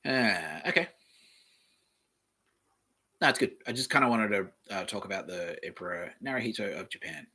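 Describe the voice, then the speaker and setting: Husky man rambling casually. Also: on the low side, animated, normal speed, pauses often, bright, forceful tone. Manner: offhand, joking, trails off into mumbles. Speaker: podcast host. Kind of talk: rambling casual commentary while reading aloud. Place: at home in front of a screen.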